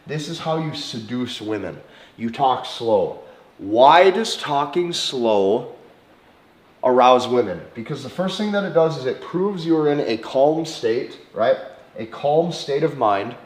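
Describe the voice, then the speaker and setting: A man giving dating advice in a slow, deliberate monologue, softly acting out short example lines. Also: mid-range voice, animated. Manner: slow, deliberate delivery with soft acted-out examples. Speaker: dating coach. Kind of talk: instructional monologue to camera. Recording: echoey room.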